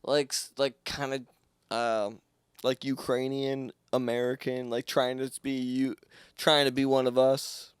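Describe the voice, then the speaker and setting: A young man co-hosting a casual comedy podcast at home, playful and quick to swear and joke around. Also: medium pitch, flat delivery, clean tone, dry recording, studio quality. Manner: playful, swears, jumps into silly voices. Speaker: podcast co-host.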